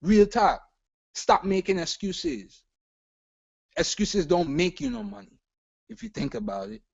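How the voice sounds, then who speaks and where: A man's voice: high voice, sing-song, measured pace, gravelly, no room sound, highs cut off. A man with a Caribbean island accent, speaking emphatically and repeating himself as a business panelist giving a motivational talk. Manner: emphatic, repetitive, preachy.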